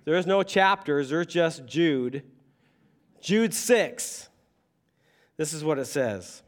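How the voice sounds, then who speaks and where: Casting: male pastor, slightly high voice, animated conversational sermon delivery. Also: takes it slowly, long pauses. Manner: animated, conversational preaching with humor.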